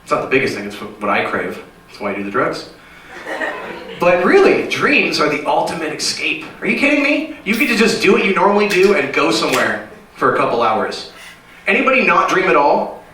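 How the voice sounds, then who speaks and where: A man's voice: a little high, big pitch swings, moderate pace, bright, forceful tone. A man doing a rambling, self-deprecating stand-up set on a small club stage. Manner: rambling, self-deprecating, jumps into silly voices. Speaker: stand-up comedian. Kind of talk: stand-up set at an open mic. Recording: echoey room, mic from far off, noisy.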